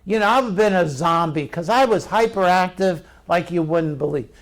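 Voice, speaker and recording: A man's voice: sits high, fairly quick. A middle-aged male pastor preaching a sermon in a conversational way, asking the congregation questions.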